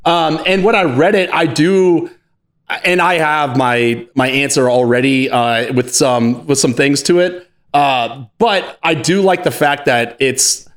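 A man's voice: medium pitch, measured pace, a bit bright. A man co-hosting a casual chat about a card game, joking, laughing often and reading cards aloud. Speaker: podcast co-host.

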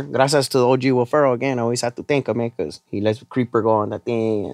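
A man of middle pitch hosts a podcast, talking loose and friendly in street slang, dropping homie and vato into every few lines. His voice is dry and close in the studio. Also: quick pace, hardly any pauses, no echo. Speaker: podcast host. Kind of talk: casual chat. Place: recording studio.

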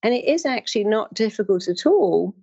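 A woman's voice: mid-range voice, very animated, fairly quick, a little mellow, muffled recording. A woman speaking as a therapist, telling personal stories and acting out the voices of the people in them. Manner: storytelling, acts out quoted voices. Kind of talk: motivational talk with personal stories.

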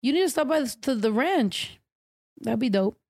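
A young woman co-hosting a podcast, chatty and expressive, swearing and laughing easily. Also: fairly high pitch, normal speed, dry recording, clean studio sound. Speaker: podcast co-host. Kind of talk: casual chat.

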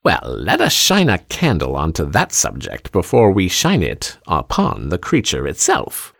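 A man's voice: low-pitched, huge pitch swings, unhurried, gravelly, a bit bright, no echo, studio quality, pitched above the performer's own voice, full character voice. A man voicing a middle-aged carnival showman with grand, theatrical sales patter. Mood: showy.

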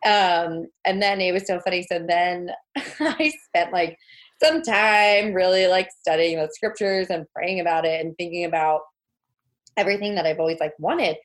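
A woman's voice: lowish voice, normal speed. Chatty young woman telling stories. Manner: chatty storyteller, many fillers, laughs. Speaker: guest, homemaking mentor. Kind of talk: casual interview chat.

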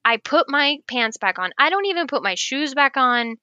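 Guest: woman, higher bright voice, lively storyteller, dry close sound. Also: moderate pace, no room sound, muffled recording. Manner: animated, laughs often, acts out quoted lines. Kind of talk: casual storytelling.

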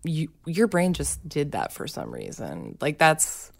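A woman co-hosting a casual chat, thinking out loud and hedging her points. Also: low-pitched, wildly swooping pitch, measured pace, creaky. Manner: thoughtful, hedging with many "like" fillers.

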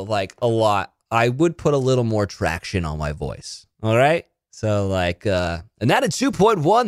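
A man in his thirties hosting a solo podcast from his home studio, animated and self-mocking. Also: mid-range voice, no room sound. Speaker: podcast host. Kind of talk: casual solo podcast chat.

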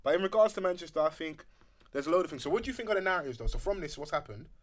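Fast-talking man. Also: on the high side. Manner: fast, animated, filler-heavy talk. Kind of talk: casual discussion.

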